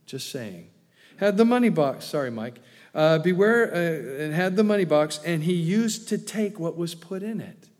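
A pastor preaches in an easy, conversational way, slipping in wry asides and playful acted quotes. His voice sits a little high for a man. The sound carries the long ring of a church hall. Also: animated, moderate pace, a little mellow. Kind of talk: sermon.

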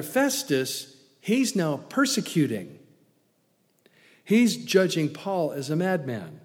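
Animated preacher in a reverberant hall. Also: male voice, on the high side. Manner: animated storytelling, acting out quotes, swings from loud to hushed. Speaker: pastor. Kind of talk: sermon.

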